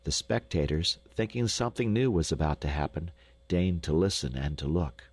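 A man narrating a classic children's story for an audiobook in a lively, expressive way. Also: extremely low pitch, normal speed, slightly rough, no echo. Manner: lively, expressive, rising with excitement. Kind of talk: scripted narration. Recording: dry studio recording.

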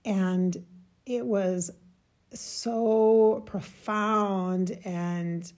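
A woman telling a personal spiritual story in a halting, emotional way, searching for words and getting choked up. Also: mid-range voice, fairly even intonation, darkish tone. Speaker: spiritual channel host.

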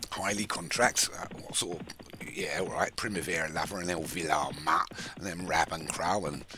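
Deep-voiced man calling a game horse race. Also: background noise. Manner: jokey, rambling asides between calls; reads runners off quickly, stumbles on names. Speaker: race commentator for an online game league. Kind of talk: horse racing commentary over a game.

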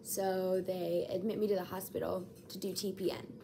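Young woman chattering away in a hospital room, animated storytime, faint hum behind. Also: on the low side, moderate pace, vocal fry. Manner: animated, chatty, dramatic asides. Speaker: vlogger. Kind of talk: casual storytelling.

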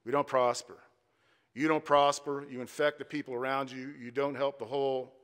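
A pastor preaching a sermon with emphatic delivery and rhythmic repetition. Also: male voice, mid-range voice, little pitch movement, normal speed, a bit bright, smooth. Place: church sanctuary. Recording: long church reverb.

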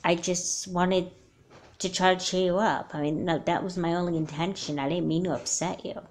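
An earnest, chatty young girl, voiced by a woman for a homemade doll movie. She talks in long, sincere explanations in a slightly low voice. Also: steady tone, normal speed, darkish tone, a little hiss or hum, lightly acted.

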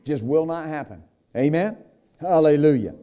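Mellow-voiced preacher man, emphatic and lively. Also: fairly high pitch, moderate pace. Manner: retells scripture with lively acted quotes; emphatic, frequent "right?" and "amen?". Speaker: pastor. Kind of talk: sermon.

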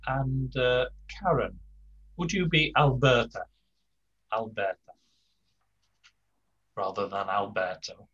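Slow, hesitant older man tutoring Spanish. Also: mid-range voice, a bit bright, breathy edge, muffled recording. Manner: slow, hesitant, many fillers and restarts. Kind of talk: online language lesson.

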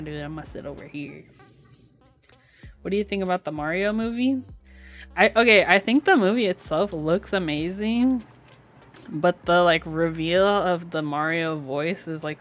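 A young woman streaming from home as she builds a keyboard, chatting casually with frequent giggles and lots of "like". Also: on the low side. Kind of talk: casual live-stream chat.

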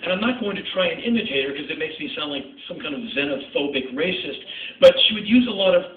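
Middle-aged male storyteller, dry and punchy, a bit high-pitched, heard from across an echoing club through a tinny recording. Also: quick pace, slight background noise. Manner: animated, sardonic, punchy delivery. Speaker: spoken word performer. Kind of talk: stand-up storytelling. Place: nightclub stage. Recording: echoey club audio, tinny and distant.

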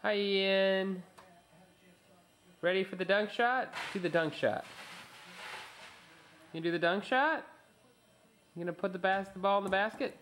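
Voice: medium pitch, measured pace, pauses often, fairly bright tone, slight background noise. A parent at home, filming their baby on a handheld camcorder and coaxing them in playful, sing-song baby talk.

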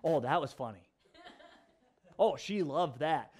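A young adult man, a pastor, telling stories in an animated sermon that moves from hushed to loud. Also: on the high side, takes it slowly, pauses often. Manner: animated storyteller, swings from hushed to loud and laughing. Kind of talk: storytelling sermon.

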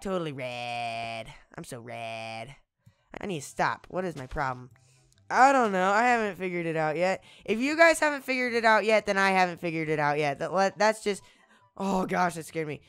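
A young man giving goofy let's play commentary, exclaiming loudly and slipping into whispered sneaky asides. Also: sits high, animated, normal speed, clear, resonant tone. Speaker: gaming video host.

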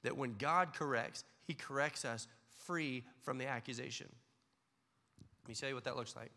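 A man's voice: mid-range voice, moderate pace, vocal fry, sharp tone, long reverb tail. A man preaching a sermon to a church congregation, telling stories and acting out the voices in them. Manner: storytelling preacher, acts out voices in anecdotes. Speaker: pastor. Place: church sanctuary.

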